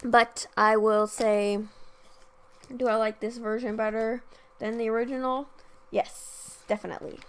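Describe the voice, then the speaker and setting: A woman's voice: fairly high pitch, flat delivery, unhurried, clear, resonant tone. A young woman hosting a casual solo podcast, chatting about songs with many ums and restarts and singing short quoted lines. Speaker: podcast host, music reviewer.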